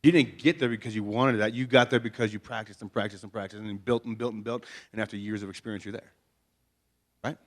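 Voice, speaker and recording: A man's voice: lowish voice, steady tone, fast talker. A man preaching a conversational sermon in a chapel, folksy and joking, with many rhetorical questions. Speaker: pastor. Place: chapel before a congregation.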